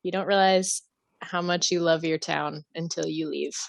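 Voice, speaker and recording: A woman's voice: sits low, fairly even intonation, normal speed, vocal fry, dry recording. A woman playing a tabletop game, easygoing and self-mocking. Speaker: player. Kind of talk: casual tabletop game play.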